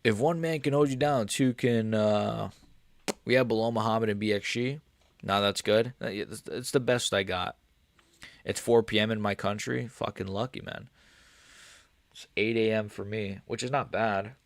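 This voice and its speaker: A man hosts a casual MMA livestream, answering chat in a profane, rambling way. His fairly low voice carries vocal fry and moves at a moderate pace, and the recording is dry.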